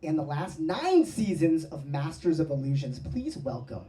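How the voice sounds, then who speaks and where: A woman's voice: deep voice, sing-song, moderate pace, warm tone. A woman hosting a live comedy show, chatty and giggling as she introduces the next act. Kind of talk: casual stage introduction. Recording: echoey, distant mic in a live room.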